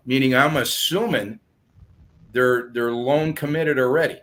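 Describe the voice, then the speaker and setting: A man's voice: mid-range voice, a little fast. Man explaining his sales methods. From southern United States. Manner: animated storyteller acting out phone calls. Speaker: guest real estate agent.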